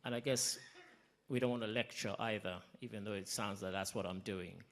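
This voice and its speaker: A man's voice: lowish voice, fairly even intonation, a little fast, fairly bright tone, a little hiss or hum. A man chairing a panel at a public event, speaking emphatically with self-deprecating asides. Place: conference hall.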